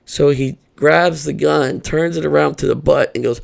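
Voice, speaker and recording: A man's voice: fairly high pitch, unhurried, hardly any pauses. A middle-aged man, a podcast guest, telling an earnest personal story and acting out what people said. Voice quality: gravelly.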